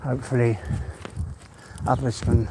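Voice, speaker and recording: A man's voice: mid-range voice, little pitch movement, measured pace, background noise. An older man, chatting casually and heartfelt on a live stream, rambling and laughing often. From England.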